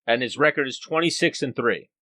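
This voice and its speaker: Bright-voiced man running through fight picks. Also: mid-range voice, fairly quick, dry recording, rough recording. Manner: relaxed, reads out picks and stats. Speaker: podcast co-host. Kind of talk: casual chat. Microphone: video call.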